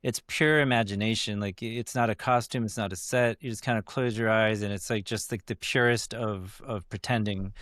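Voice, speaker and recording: A man's voice: on the low side, steady tone, a little fast, few pauses, fairly bright tone, no echo, clean studio sound. Talkative male actor on a podcast. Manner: talkative and rambling. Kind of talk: casual interview chat.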